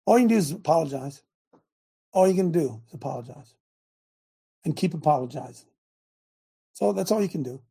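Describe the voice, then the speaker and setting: A man hosting a call-in talk show, preaching with big swings from shouting to muttering. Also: gravelly, breathy edge. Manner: animated, swings from loud shouting to low mutters. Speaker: host.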